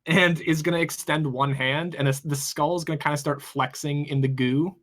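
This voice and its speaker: A game master narrating a tabletop superhero game, with a halting, rambling delivery full of restarts. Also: medium pitch, steady tone, fairly bright tone.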